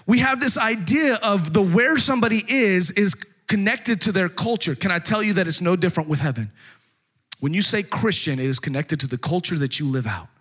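A man's voice: high voice, lively intonation, fairly quick, fairly bright tone. A man from Texas, preaching a sermon in a joking, conversational way full of rhetorical questions. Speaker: pastor.

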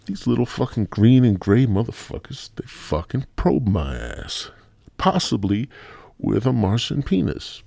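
A Midwestern man hosts his podcast with a rambling, profane comic monologue. His voice is low, husky and gravelly, and his pitch swings widely. The recording is dry and close. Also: sing-song, measured pace, dark tone, no echo. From American Midwest. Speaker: podcast host.

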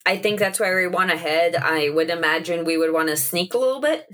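Hesitant low-voiced woman player. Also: a little fast, a bit bright. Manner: hesitant, thinking aloud. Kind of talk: tabletop game chat.

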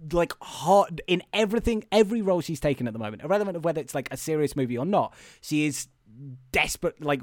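A man co-hosting a podcast, casually recapping a movie in a rambling, animated way with impressions. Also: mid-range voice, dry recording, clean studio sound. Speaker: podcast co-host.

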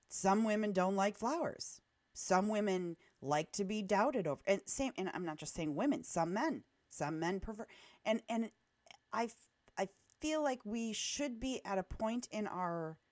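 A woman's voice: mid-range voice, expressive, a little slow, a little mellow, no echo. A woman hosting a podcast in casual chat, talking freely and acting out little dialogues with plenty of filler words. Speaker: podcast host.

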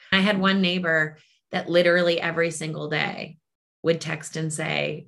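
Low-voiced woman, earnest grief clinician. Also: fairly even intonation, moderate pace, vocal fry, fairly bright tone. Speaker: grief clinician and podcast host. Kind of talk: casual conversation.

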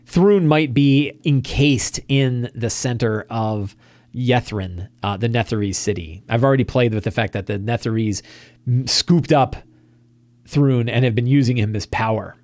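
Animated man recapping a game session. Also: mid-range voice, normal speed, no room sound. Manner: animated storytelling, acting out players' lines, frequent restarts. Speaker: host giving game-master prep advice. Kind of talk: casual spoken prep talk.

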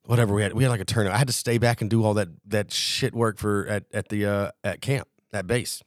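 A man's voice: on the low side, fast, dry recording, studio quality. A man on a podcast telling a rowdy story in casual chat, swearing freely and acting out what others said. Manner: animated, profane, acts out quotes. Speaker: podcast co-host.

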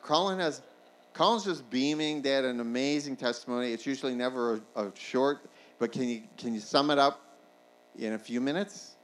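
A male pastor preaching a sermon, rising to shouts at the peaks and asking the congregation "Amen?" along the way. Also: mid-range voice, normal speed, rough recording.

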